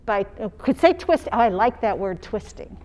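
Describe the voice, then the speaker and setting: A woman teacher demonstrating phonics, sounding out words slowly and singing little chants the way she would for young children. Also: mid-range voice, lively intonation, a little mellow. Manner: slow, sing-song teacher talk modeling sounds for young children.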